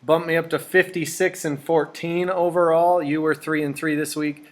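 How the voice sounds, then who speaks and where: Dude reading football picks and stats, dry jokes, voice a bit high. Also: male voice, little pitch movement, moderate pace. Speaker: podcast co-host. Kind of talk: casual sports chat.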